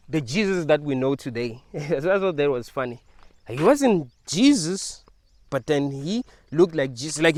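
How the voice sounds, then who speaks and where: A video creator talks casually to his viewers in a rambling monologue, laughing often and leaning heavily on filler words. His voice is medium-pitched, and the recording has no room sound.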